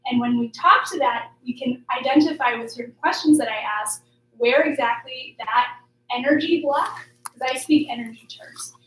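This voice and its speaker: Hosting a small workshop group, a female life coach chats in an upbeat, filler-heavy way at a moderate pace. Her voice sits high and sounds a bit bright, picked up off-mic from a distance in an echoey room.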